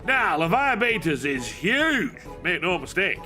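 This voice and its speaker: A self-proclaimed heroic male adventurer, put on by a man reading game dialogue, brags in a thick, folksy dialect. The voice is pushed up high, bright and animated. His pitch swings wildly as he boasts. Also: a little slow, faint music behind, heavily acted. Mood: boastful. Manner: blustering, dialect-heavy bragging. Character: boastful gruff male hero, swaggering braggart.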